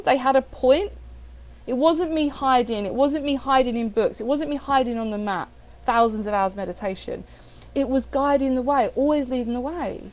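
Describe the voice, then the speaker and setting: A woman talks through affirmations in a loose, animated coaching style. Her voice sits a little high, and she keeps repeating lines with different stress and lift. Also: fairly quick, poor audio. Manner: animated, repeats phrases with varied inflection. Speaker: spiritual coach. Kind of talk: casual coaching talk on affirmations.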